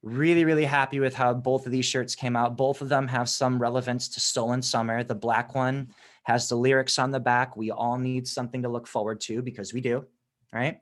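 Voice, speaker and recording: A man's voice: medium pitch, level tone, a little fast. Eager rambling musician, a man. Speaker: musician guest. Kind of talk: casual interview chat.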